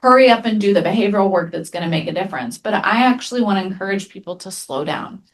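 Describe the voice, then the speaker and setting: A woman therapist presenting a webinar in a conversational way. She tells lively anecdotes and often adds "right?" as she talks. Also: medium pitch, fast talker. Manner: animated storyteller, frequent "right?" tag questions.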